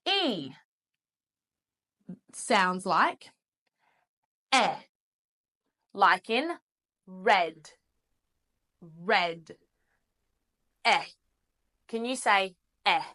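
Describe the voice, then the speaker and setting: Slow, bright-voiced Australian woman teaching. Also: medium pitch, big pitch swings. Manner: encouraging, repeats sounds and words for learners to copy. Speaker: English teacher. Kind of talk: slow, clearly enunciated English lesson.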